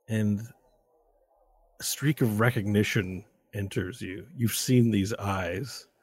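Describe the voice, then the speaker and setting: A man's voice: fairly low pitch, a little mellow. A man narrating a tabletop game as game master, loose and meandering.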